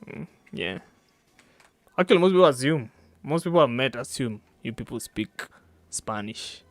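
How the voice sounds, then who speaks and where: A man's voice: medium pitch, animated, moderate pace, no echo. A young man with a Kenyan accent hosting a casual podcast, joking and laughing often. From East Africa. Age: young adult. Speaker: podcast host.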